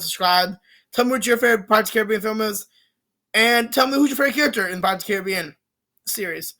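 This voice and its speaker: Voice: medium pitch, a bit bright. A casual movie reviewer rambling about a film series, with lots of fillers, restarts and casual swearing.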